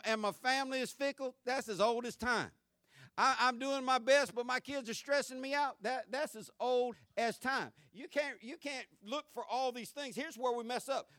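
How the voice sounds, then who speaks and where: A man's voice: high voice, a bit bright, dry recording, studio quality. A male pastor delivering a sermon, moving between conversational asides and emphatic exhortation.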